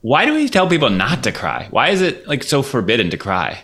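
A man's voice: mid-range voice, huge pitch swings, a little fast, sharp tone, slight background noise. A man hosting a casual podcast chat, reflective and full of questions for his friends. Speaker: podcast host.

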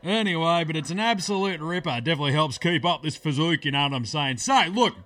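A man's voice: on the high side, expressive, quick pace, fairly bright tone, voice pushed up. A man putting on a brash, blokey male Australian TV cooking-show host with a broad ocker drawl, for a comedy cooking-show parody. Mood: boisterous.

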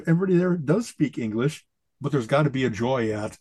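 A man co-hosting a podcast, chatting casually in an animated, jokey way and often asking "you know what I mean?". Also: medium pitch, fairly quick, no room sound. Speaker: podcast co-host. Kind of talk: casual chat.

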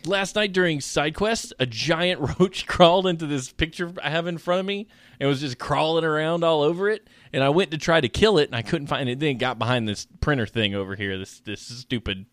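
A man's voice: fairly high pitch, brisk, a bit bright, dry recording. A young man, co-hosting a podcast in casual chat, rambling and joking as he tells stories. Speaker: podcast co-host.

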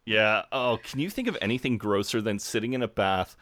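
A man's voice: fairly low pitch, brisk, fairly bright tone. A young man co-hosting a podcast, recapping a TV episode in a sweary, chatty way. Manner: sweary, chatty, retells scenes with relish. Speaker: podcast co-host. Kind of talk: casual recap chat.

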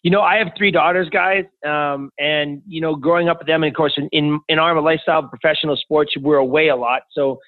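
A man's voice: fairly high pitch, fairly even intonation, fairly quick, few pauses, dry recording. A man, a podcast guest, telling personal stories with enthusiasm. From Canada. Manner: enthusiastic anecdotal storyteller. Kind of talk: conversational interview. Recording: tinny phone-like remote line.

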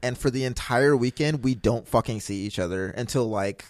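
A man's voice: medium pitch, normal speed, background noise. A young man co-hosting a podcast, talking loosely and swearing casually. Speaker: podcast co-host. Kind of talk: casual chat.

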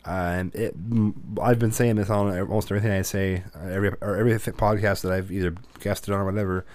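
A man's voice: low-pitched, flat delivery, fast, a little mellow, no echo. Rambling, profane male podcast co-host. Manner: rambling, profane, self-interrupting. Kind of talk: casual chat.

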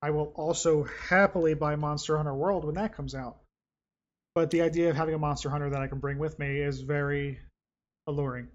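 A man's voice: a little high, brisk, lo-fi sound. A man co-hosting a gaming podcast, chatting casually and rambling with some swearing. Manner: rambling, profane, excitable. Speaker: podcast co-host. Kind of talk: casual chat.

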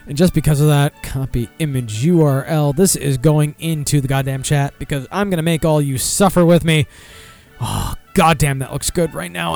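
A gravelly, fairly high male voice moves a little fast over faint background music. He's a podcast host reading food and beer pairings in casual chat, cursing freely, full of energy, and pausing to weigh in.

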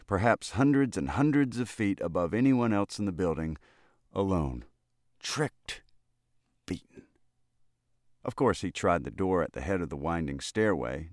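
Deep-voiced male audiobook narrator. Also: no room sound, studio quality. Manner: steady, measured storytelling. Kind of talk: classic short story reading.

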